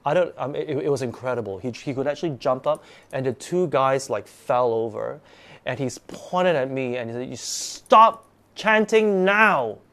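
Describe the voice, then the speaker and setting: A man's voice: mid-range voice, moderate pace. A man hosting a live stream, telling his own ghost stories in a rambling way, full of restarts and sudden bursts of acting out.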